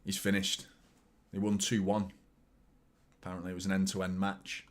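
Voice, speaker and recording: A man hosting a football watchalong, chatting casually and reacting live to the game, jumping between excited outbursts and low muttered asides. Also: moderate pace. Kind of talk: live match commentary and chat.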